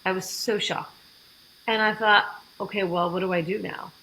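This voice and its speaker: A woman guest on a podcast, telling her story in a lively way and acting out the dialogue she quotes. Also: medium pitch, normal speed, slight background noise, rough recording. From United States. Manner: animated, acts out quoted dialogue. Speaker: fitness program founder, guest.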